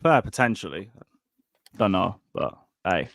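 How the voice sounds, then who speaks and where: A man's voice: sits low, very animated, a little slow, no echo, clean studio sound. A man hosting a live football stream, reading out donations and teasing the chat. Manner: reads donations, teasing banter. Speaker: channel host.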